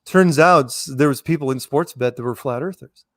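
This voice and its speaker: A man's voice: mid-range voice, fairly quick, no room sound, studio quality. A middle-aged man telling stories as an interview guest, rambling and often restarting his words. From United States. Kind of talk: casual storytelling in an interview.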